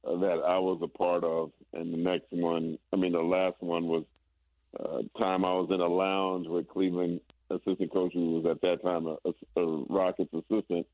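A man's voice: low-pitched, normal speed, no room sound. A man, a former basketball player, chatting casually and telling stories with stammering restarts. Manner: relaxed storytelling, stammering restarts. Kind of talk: casual chat. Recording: tinny phone-like line.

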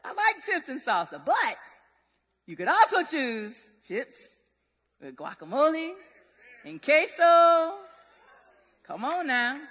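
A woman preaching a sermon in a lively, conversational, relatable way. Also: high-pitched, slow, pauses often. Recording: long hall reverb.

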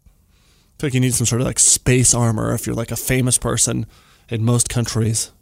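A man's voice: mid-range voice, completely flat delivery, moderate pace, creaky, a little mellow, dry recording, clean studio sound. A man hosting a comedy news segment on the radio, joking and making sarcastic asides. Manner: jokey, playful, sarcastic asides. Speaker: radio show host.

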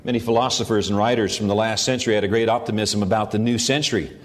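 A man's voice: lowish voice, fairly even intonation, fast talker, faint music behind. A middle-aged man, a pastor, preaching a sermon with earnest emphasis that rises on key phrases.

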